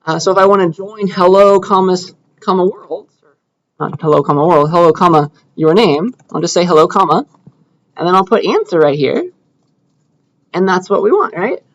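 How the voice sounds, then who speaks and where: A man's voice: high-pitched, normal speed, lo-fi sound. A man teaching a programming class, talking casually and checking in with students often as he codes live. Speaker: computer science lecturer. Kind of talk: classroom lecture with live coding. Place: lecture room.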